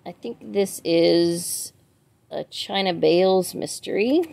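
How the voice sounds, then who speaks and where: This woman's voice is fairly low, dark, and full of vocal fry, and she takes her time as she unboxes books on her vlog. She reads the titles out, chats with viewers in asides, and asks for pronunciation help, with slight background noise present.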